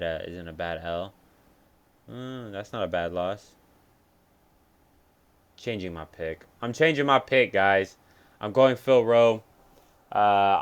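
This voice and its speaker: A young man talks through upcoming fights in a loose, unscripted breakdown. His voice sits fairly low, and he swears freely. He thinks aloud and second-guesses his picks as he goes. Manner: rambling, profane, thinks aloud and changes picks. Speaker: MMA fight picks commentator. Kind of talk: casual fight-prediction breakdown.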